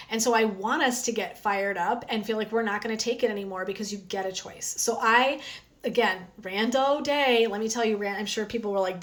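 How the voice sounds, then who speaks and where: A woman coach talks to her viewers on a phone live stream, in a slightly high, lively voice. She is chatty and energetic, full of little fillers. Her throat is sore from talking. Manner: chatty and energetic, frequent "um" and "right?". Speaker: wellness coach. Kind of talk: casual live stream chat.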